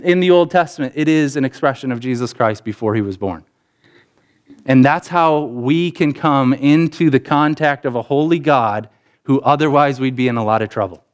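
Smooth-voiced man preaching a sermon. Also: mid-range voice. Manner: earnest, conversational preaching with repeated phrases; voices imagined speakers in quotes. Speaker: pastor.

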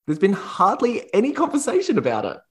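A man's voice: high voice, wildly swooping pitch, a little fast, breathy edge. A man co-hosting a casual football chat, wry and chatty, quoting stats as he goes. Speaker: podcast co-host.

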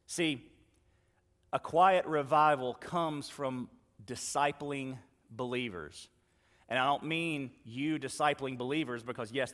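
A man's voice: fairly high pitch, fairly bright tone. A male pastor preaching a sermon in a conversational, emphatic style, repeating phrases to drive each point home. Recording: long reverb of a large hall.

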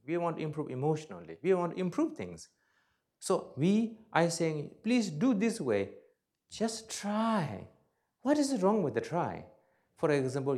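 A man whose first language is Tibetan, giving a Buddhist teaching to an audience in a lecture hall, speaking plain, repetitive English with lively humor. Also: mid-range voice. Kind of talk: dharma talk to an audience.

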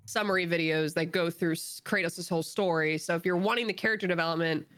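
A woman co-hosting a casual gaming podcast, explaining things quickly. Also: lowish voice, a bit bright.

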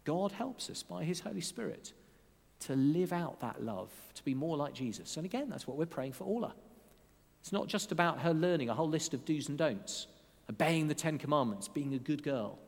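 A man preaching a sermon as pastor during a church service, earnest and expressive, slowing down to lean on key phrases. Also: a little high, gravelly. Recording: long reverb of a large church hall.

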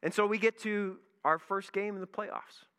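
A man, a pastor, telling a lively story in a sermon and acting out his own reactions. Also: high voice, moderate pace, clean tone. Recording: long reverb in a large hall.

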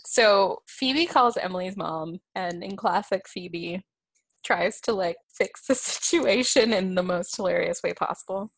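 A woman's voice: medium pitch, a little slow, creaky, no echo, low-quality recording. Woman podcast host recapping with gusto. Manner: animated retelling, quotes characters with shifting voices. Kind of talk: casual chat recapping a sitcom episode.

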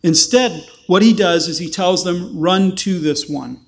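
A man's voice: high voice, a little slow. A male pastor preaching a sermon with passion, asking rhetorical questions and acting out the voices he quotes.

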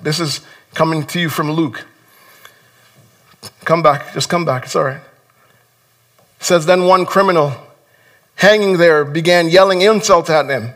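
A man delivers a sermon to his congregation in a high voice. His tone is bright and forceful. He talks in an earnest, urging way, doubling back on words as he drives each point home. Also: unhurried, pauses often. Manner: earnest, exhorting, repeats words when stressing a point. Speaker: pastor. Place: church sanctuary.

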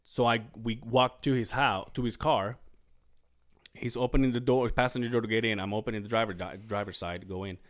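A man's voice: on the low side, steady tone, fairly quick. A male podcast host telling a rambling, profane story in casual chat, acting out what people said and correcting himself as he goes.

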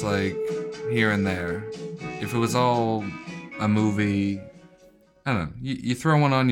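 A young man from Boston co-hosting a podcast, chatting loosely and rambling with lots of fillers. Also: lowish voice. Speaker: podcast co-host. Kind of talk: casual chat.

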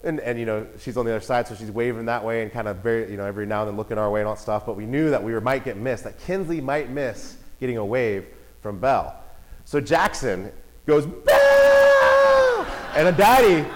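A father telling a family story in a casual, animated way. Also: mid-range voice, fast, low-quality recording. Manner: animated, acts out voices and shouts in quotes.

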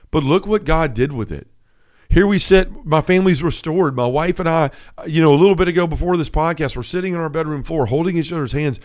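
A middle-aged man hosts a faith podcast and speaks earnestly in an unscripted, conversational testimony. His voice sits a little high for a man. He leans on casual fillers like "like" and "right?" as he talks. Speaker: podcast host. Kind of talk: Catholic faith talk, personal testimony.

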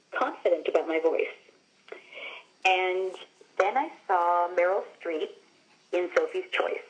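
Appearing as a guest in a relaxed interview, a Long Island, New York actress tells lively stories peppered with "like" and "you know." Her voice is fairly low, and the audio sounds dull.

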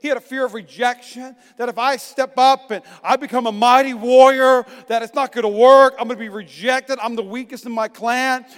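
A middle-aged pastor preaching a sermon, swinging from hushed tones to emphatic shouts. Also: male voice, very high-pitched, steady tone, moderate pace, hardly any pauses, clear, resonant tone. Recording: long echoing reverb.

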